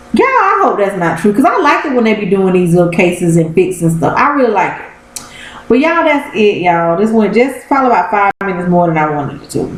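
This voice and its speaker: A woman in her thirties, talking to camera from a room at home and recapping a TV episode with lively, story-like energy. She addresses her viewers directly and keeps a middle-pitched voice. The room adds a noticeable echo. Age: 30s. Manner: animated storyteller, talks straight to viewers. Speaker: TV episode reviewer. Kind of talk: casual recap vlog. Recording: roomy echo.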